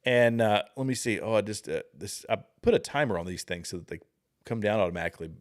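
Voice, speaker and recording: A man's voice: lowish voice, fast. A man in his thirties hosting a livestream, giving casual, rambling political commentary while reading viewer comments, often restarting his sentences. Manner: rambling, with frequent restarts and asides. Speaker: livestream host.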